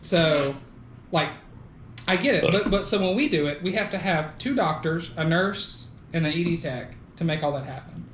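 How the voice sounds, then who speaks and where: A man's voice: fairly high pitch, normal speed, a bit bright. A man hosting a podcast, talking casually and laughing often, with the odd swear word. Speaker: podcast host. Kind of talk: casual chat. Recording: echoey room with faint noise.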